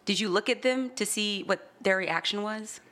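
A woman's voice: mid-range voice, moderate pace, fairly bright tone. A woman in casual chat, reacting with short remarks and asking questions.

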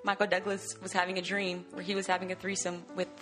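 Woman, podcast co-host, lowish flat voice, music in background. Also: fast. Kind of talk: casual chat.

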